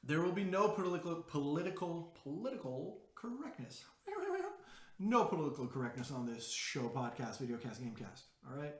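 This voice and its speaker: A man hosting a podcast in a brash, profane, excitable unscripted monologue. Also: on the high side, moderate pace, roomy sound. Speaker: podcast host.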